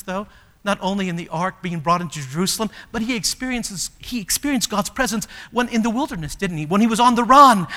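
Man, pastor, sermon, high voice, soft-to-loud emphatic delivery, reverberant sanctuary. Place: church sanctuary. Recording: long hall reverb.

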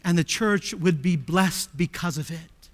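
A male pastor preaching a sermon emphatically, with many rhetorical questions, swinging from loud appeals to hushed tones. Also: on the high side, a little slow, in a large hall.

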